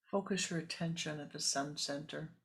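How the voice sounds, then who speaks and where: A spiritual teacher giving a sermon, telling a parable calmly and guiding a meditation. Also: mid-range voice, creaky. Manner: calm, measured storytelling with pauses.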